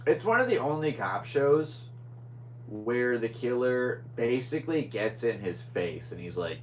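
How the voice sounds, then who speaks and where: A man's voice: mid-range voice, very animated, unhurried, slight background noise, rough recording. A young man hosting a casual solo podcast, rambling and scatterbrained as he chats. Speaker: podcast host.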